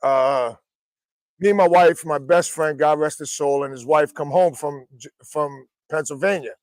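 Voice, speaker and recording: A man with a noticeably high voice tells wrestling stories on a podcast, lively and full of swearing. His voice is recorded close and dry, with no room sound. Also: normal speed, dry recording. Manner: animated, profane anecdotes. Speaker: wrestling trainer. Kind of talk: casual podcast storytelling.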